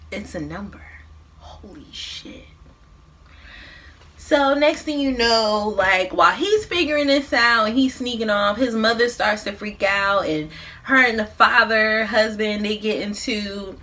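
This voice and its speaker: A woman's voice: mid-range voice, fairly bright tone. A woman in her thirties, a mukbang vlogger, casually recapping a movie plot while she eats, in a loose, profane, slangy way.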